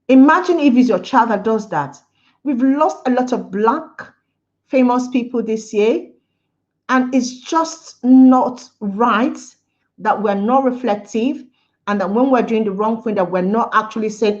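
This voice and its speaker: A woman's voice: fairly high pitch, expressive, moderate pace, dull audio. A woman hosting a casual livestream, giving an emphatic opinion, repeating her points and talking to viewers. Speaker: livestream host. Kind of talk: casual live-stream commentary.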